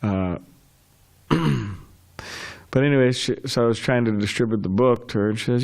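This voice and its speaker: A man's voice: mid-range voice, a little slow, creaky, darkish tone. A man leading a scripture class, telling stories in a chatty way with laughs and restarts, then taking questions. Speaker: class speaker.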